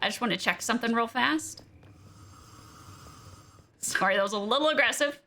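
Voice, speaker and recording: A woman's voice: a little high, moderate pace, bright, forceful tone. A young adult woman streaming a game, chatting playfully in casual commentary and exclaiming over her build.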